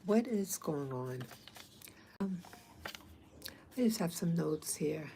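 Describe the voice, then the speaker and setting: A woman's voice: on the low side, lively intonation, takes it slowly, mellow, a little hiss or hum, low-quality recording. A woman talking casually to her viewers, rambling and hesitant with many fillers. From abroad, not from Africa. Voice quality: gravelly. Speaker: vlogger. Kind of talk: casual talk to camera.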